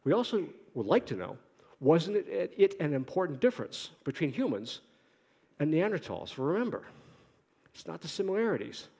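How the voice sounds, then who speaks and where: A man giving an academic conference lecture in a lively, joking way, asking rhetorical questions. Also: fairly high pitch, moderate pace, creaky, husky. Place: lecture hall. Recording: echoey lecture hall.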